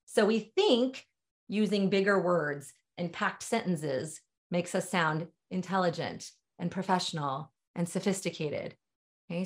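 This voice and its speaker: A middle-aged woman runs a webinar on writing sales messages. She talks directly and with emphasis, in a plain conversational way, and her voice sits at an ordinary middle pitch for a woman. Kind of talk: webinar training talk.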